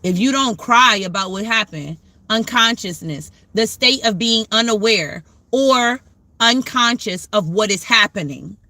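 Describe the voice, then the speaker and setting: A woman's voice: fairly high pitch, pushed and bright, dry recording, poor audio. A woman hosting a livestream, talking in a fervent, preachy way with lots of repetition and occasional swearing. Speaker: livestream host. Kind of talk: impassioned spiritual livestream talk.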